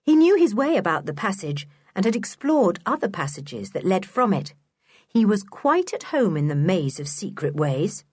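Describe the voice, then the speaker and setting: A woman narrating a children's storybook in an expressive, clear reading voice. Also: mid-range voice, moderate pace, dry recording. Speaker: audiobook narrator.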